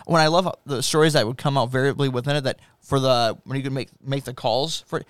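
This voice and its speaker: Male co-host, halting and thoughtful delivery, smooth clean tone. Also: medium pitch, fairly even intonation, dry recording, clean studio sound. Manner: halting, many fillers and restarts. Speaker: podcast co-host. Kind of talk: casual sports chat.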